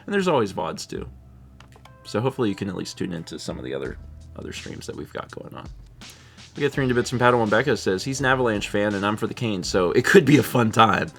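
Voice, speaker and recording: Chill guy with a lowish voice reading chat on a live stream, faint music behind. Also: lively intonation, fast, a bit bright. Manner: laid-back, chuckles often. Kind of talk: casual chat, reading viewer messages.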